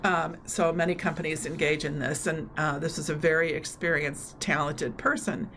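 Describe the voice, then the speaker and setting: Middle-aged woman, webinar presenter, earnest explanatory talk, lowish voice, gravelly texture. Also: a bit bright, a little hiss or hum. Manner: earnest, explanatory, with fillers and quoted anecdotes. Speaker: presenter on cognitive training.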